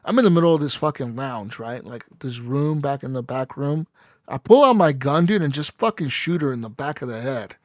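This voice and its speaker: A man hosting a podcast, casually retelling a video game story in an animated, profane way and acting out the dialogue. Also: medium pitch, fairly quick, dry recording. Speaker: podcast host.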